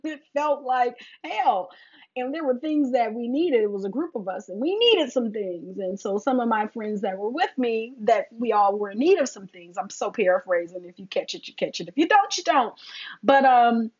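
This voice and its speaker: A middle-aged woman hosts a casual faith talk for her viewers, preaching in a relaxed way and calling them "sis." Her husky, expressive voice sits fairly high with wide swoops and a darkish tone, at a moderate pace. The recording sounds dull and lo-fi.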